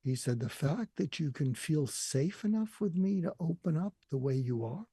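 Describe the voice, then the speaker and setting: Speaking at a moderate pace with lively intonation, an older man appearing as a guest shares an emotional, earnest personal story and often quotes others. The recording is close and dry with no room sound, and his voice is dark, mellow, gravelly, and husky.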